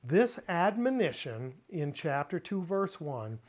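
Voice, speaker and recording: A middle-aged man teaching a Bible word-study lesson, explaining deliberately and repeating key points for emphasis. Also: a little high, big pitch swings. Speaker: Greek teacher.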